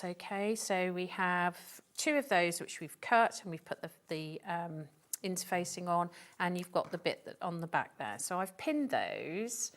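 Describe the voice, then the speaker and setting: A woman's voice: on the low side, a bit bright. Chatty woman demoing sewing. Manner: chatty, explains step by step with fillers and laughs. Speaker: sewing demonstrator. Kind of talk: live TV shopping demonstration.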